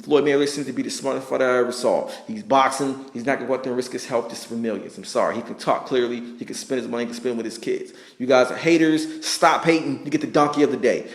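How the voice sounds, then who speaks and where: A man rants fast and hard, stacking emphatic points and swearing as he argues. His voice sits at an ordinary middle pitch. The sound bounces around an echoey room. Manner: emphatic, repetitive, profane, argumentative. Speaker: vlogger ranting about sports. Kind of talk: heated casual rant.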